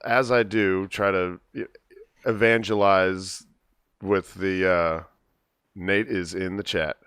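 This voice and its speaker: A man's voice: low voice, steady tone, takes it slowly, a bit bright, smooth, dry recording, clean studio sound. A man hosting a casual podcast chat, rambling with lots of fillers and frequent laughs. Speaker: podcast host.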